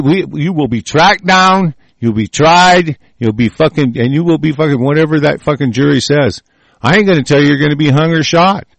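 A man delivering an angry, profane monologue. He swears constantly and stumbles into restarts, swinging between low muttering and raised, shouting anger. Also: no echo.

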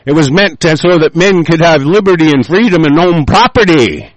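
A somewhat high-voiced man reads out a text in a halting way, full of fillers, then breaks into profane, furious tirades. The recording is dry and close, with no room sound. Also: lively intonation, no room sound, low-quality recording. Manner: profane, furious outbursts between halting reading; hesitant, many fillers while reading. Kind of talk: reading aloud with angry rants.

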